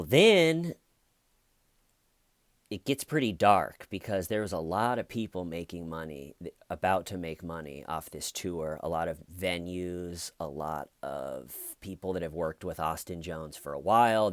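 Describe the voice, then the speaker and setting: Low-voiced man in casual commentary. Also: clean tone, dry recording, studio quality. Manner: rambling, conversational, with frequent fillers and restarts. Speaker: commentary youtuber. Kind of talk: casual true-crime commentary.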